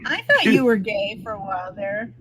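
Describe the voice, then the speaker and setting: A woman's voice: fairly high pitch, sing-song, moderate pace, a crowd in the background, poor audio. A woman hosting a livestream, chatting easily with her guest and reading out viewers' names. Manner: easygoing, reads out viewers' names. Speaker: stream host. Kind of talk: casual chat on a livestream. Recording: faint background noise.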